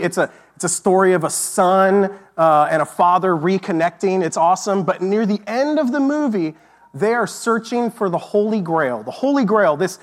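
A pastor giving a sermon in a casual, conversational way, with fillers and repeated key phrases for emphasis. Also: male voice, high voice. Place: church.

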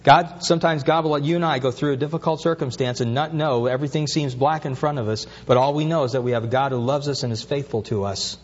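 Husky man preaching a sermon. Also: mid-range voice, fast, hardly any pauses, in a large hall, highs cut off. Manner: earnest, rising to animated questions. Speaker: pastor.

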